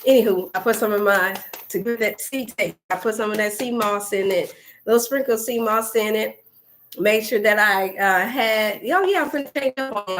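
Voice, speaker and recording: A woman's voice: medium pitch, fairly bright tone. A woman hosting a casual wellness livestream, talking chattily and directly to her viewers. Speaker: wellness coach and host.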